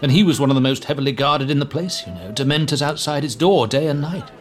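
A man's voice: medium pitch, quick pace, a faint crowd, lightly acted. A man voicing a pompous fretful minister. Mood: explaining. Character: anxious middle-aged male government minister, pompous.

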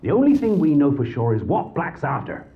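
A man reads an earnest, worried middle-aged father in a story, urgent and insistent. His voice sits high for a man and swings with energy. The sound is thin and tinny, like a phone line. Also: big pitch swings, brisk.

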